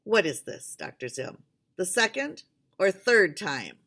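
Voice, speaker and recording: A woman's voice: fairly low pitch, big pitch swings, unhurried, a bit bright, voice pushed up, full character voice. A woman doing a stern male board chairman.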